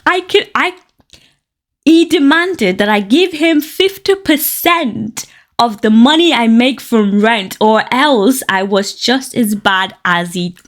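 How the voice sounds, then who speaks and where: A woman from Nigeria hosts a podcast, reading stories aloud and firing back with blunt, lively commentary. Her voice sits a little higher than most, and she laughs often as she talks. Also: takes it slowly. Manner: outspoken, animated commentary with frequent laughter. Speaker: podcast host. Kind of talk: reading and reacting to online stories.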